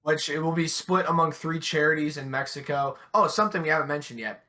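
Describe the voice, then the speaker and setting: Young man, podcast co-host, blunt, swears, bright forceful voice, slightly high. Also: brisk. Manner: blunt, animated, swears freely. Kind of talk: casual chat.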